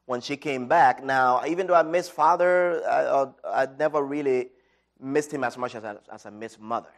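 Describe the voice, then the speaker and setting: Delivering a motivational speech, a middle-aged man tells his own story, lurching from loud passages to hushed ones. His voice is mid-range and his pace moderate.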